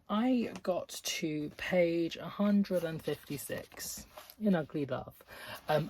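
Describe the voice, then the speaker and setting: A man's voice: fairly high pitch, slight background noise. A man talking casually in a reading-update vlog, ranting in exasperation and filling his talk with "like" and swearing. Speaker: book vlogger.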